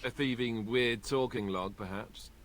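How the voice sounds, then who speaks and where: An actor playing a wry young warrior in a video game, with dry, deadpan humor. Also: male voice, medium pitch, unhurried, lightly acted.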